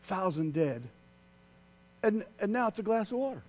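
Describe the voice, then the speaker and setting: High-voiced preacher swinging loud to hushed. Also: male voice, lively intonation, moderate pace. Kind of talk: sermon.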